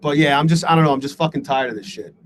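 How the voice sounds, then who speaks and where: A fairly high-voiced man streams his day trading live and talks straight to his viewers. He is frustrated and self-deprecating, swearing freely. Faint background noise runs under his voice. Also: expressive, rapid-fire, rough recording. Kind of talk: live stream talking to chat.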